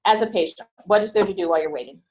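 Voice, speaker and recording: A woman's voice: lowish voice, rapid-fire, darkish tone, highs cut off. A woman instructor giving a conversational classroom lecture and asking her students questions.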